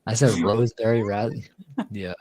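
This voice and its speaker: A tipsy man with a lowish voice rambles and jokes through a casual livestream chat. He stumbles over words and breaks into laughs between thoughts. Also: fairly even intonation, moderate pace, darkish tone. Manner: rambling, joking, laughs often. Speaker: livestream host.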